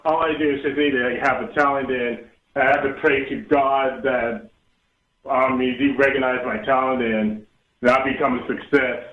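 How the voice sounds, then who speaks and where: A man in his thirties calling in to a show, speaking haltingly with many restarts and fillers. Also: medium pitch. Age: 30s. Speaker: caller. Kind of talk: call-in chat. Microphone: phone. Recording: tinny phone line.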